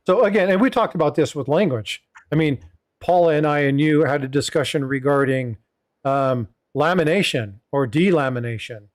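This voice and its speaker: A man's voice: on the high side, normal speed, no echo, studio quality. A middle-aged man hosting a casual livestream chat, rambling with many fillers and asides. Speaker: host.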